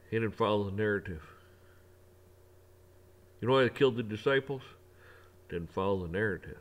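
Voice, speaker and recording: A man's voice: lowish voice, fairly quick, pauses often, fairly bright tone. A man giving a ranting opinion monologue, preachy and emphatic, repeating phrases and swearing as he preaches about faith. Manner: religious preaching tone. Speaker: online commentator.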